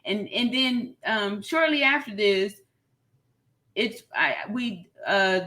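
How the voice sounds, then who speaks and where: A nurse who runs a YouTube channel hosts a casual commentary vlog, speaking slowly in a mid-range voice. She talks straight to her viewers, calling them "y'all," and is animated and self-mocking, laughing at herself often.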